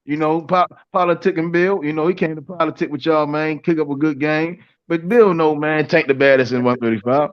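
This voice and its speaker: A man's voice: a little high, fairly even intonation, fairly quick, few pauses, clear, resonant tone, no echo. A man with a Baltimore accent co-hosting a boxing show, trash-talking in a rowdy, teasing way and repeating himself. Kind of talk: rowdy trash-talk banter. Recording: dull lo-fi audio.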